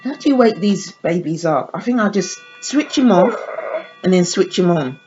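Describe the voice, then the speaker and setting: A woman's voice: on the low side, animated, normal speed, warm tone, faint music behind. A woman vlogger chatting casually as she demonstrates a baby doll, cooing baby talk to the dolls. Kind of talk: casual toy unboxing demo. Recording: dull lo-fi sound with faint noise.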